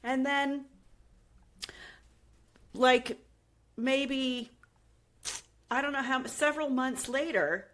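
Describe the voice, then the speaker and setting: A woman's voice: high voice, drawn-out words, long pauses, a bit bright. A young adult woman co-hosting a podcast, casually retelling a true crime story and acting out the quotes. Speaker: podcast co-host.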